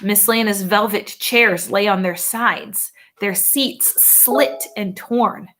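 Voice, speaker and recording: Bright-voiced woman reading a storybook. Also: medium pitch, slow. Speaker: audiobook narrator. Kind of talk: first-person storybook narration.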